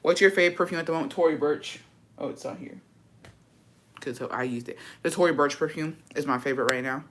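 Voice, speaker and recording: Talking to camera at a quick pace, a woman vlogger chats with her viewers in a deep voice. She's profane and dramatic, weaving Spanish phrases into her English.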